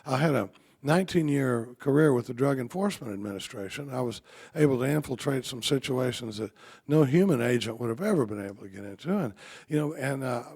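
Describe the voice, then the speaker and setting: Man doing a worldly, boastful talking dog, smug and chatty, gravelly husky tone. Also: mid-range voice, a little mellow.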